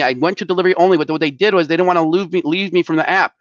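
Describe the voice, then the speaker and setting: A man co-hosts a casual live stream in a heated, ranting way, swearing and restarting his sentences. His voice sits a bit high. The sound is dry and a little muffled. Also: steady tone, racing, no room sound. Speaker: show co-host, company head.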